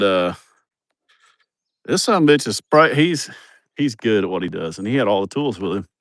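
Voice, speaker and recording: A man's voice: on the low side, dry recording. A man chatting on a casual livestream outdoors, rambling, swearing and laughing at his own stories. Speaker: vlogger showing a building project. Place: outdoors at a building site.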